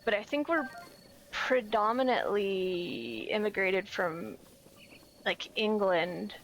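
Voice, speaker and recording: A woman's voice: mid-range voice, slow pace, vocal fry, a bit bright, a little hiss or hum, poor audio. A young woman chatting casually while streaming a game, giggly and self-deprecating. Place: home, lives in California.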